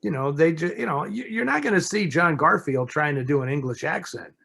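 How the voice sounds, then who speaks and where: A man answering listener questions as a film expert in a relaxed, conversational way, often restarting and saying "you know". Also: on the high side, a little fast, gravelly, slightly rough. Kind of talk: casual chat.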